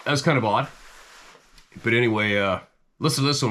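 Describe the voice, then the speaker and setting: A middle-aged Canadian man with a stuffy head cold, chatting casually to camera in a rambling, animated way. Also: mid-range voice, fairly quick, long pauses. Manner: rambling and animated, chuckles often, voice jumps up when quoting himself. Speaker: hunting channel host.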